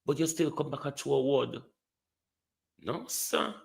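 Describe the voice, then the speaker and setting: There's vocal fry in this man's medium-pitched voice, which moves slowly with lively intonation. Speaking with a Jamaican accent, he scornfully rails about politics, addressing the Prime Minister again and again while mixing Patois with English.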